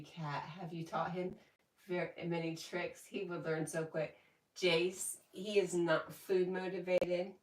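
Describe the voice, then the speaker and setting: A woman hosts a relaxed livestream from home, reading out viewer comments and laughing often. She talks slowly, her voice sits a little low, and it sounds echoey and a bit far from the mic. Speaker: livestream host. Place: home, indoors. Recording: echoey room, voice from a distance.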